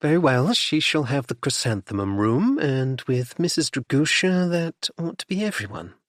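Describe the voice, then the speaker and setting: A man's voice: mid-range voice, sing-song, moderate pace, dry recording, clean studio sound, natural voice. A man voicing a composed, tactful middle-aged duchess in an audiobook, polite with a tart edge.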